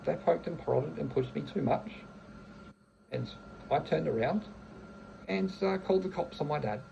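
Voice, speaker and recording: A man's voice: fairly high pitch, moderate pace, gravelly, dark tone, a little hiss or hum, rough recording. A man, venting bluntly in a casual monologue, swearing heavily and often restarting his phrases. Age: 30s. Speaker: vlogger.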